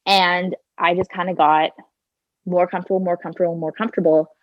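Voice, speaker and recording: A woman's voice: on the low side, level tone, a little fast, dry recording, dull audio. A woman in her twenties, a podcast guest telling a personal story in a chatty way, leaning on "like" and "kinda" and acting out her own thoughts, speaking into a handheld phone. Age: 20s.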